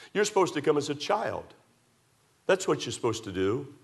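A man preaching a sermon, emphatic and repetitive, rising to loud pleas and dropping to quiet asides. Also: a little high, sing-song, moderate pace, creaky. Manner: emphatic, repetitive, swings between loud pleading and hushed asides. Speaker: pastor.

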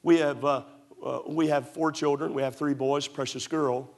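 Middle-aged preacher, fairly high voice, emphatic and repetitive, story-driven sermon delivery. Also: male voice, steady tone, normal speed. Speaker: pastor.

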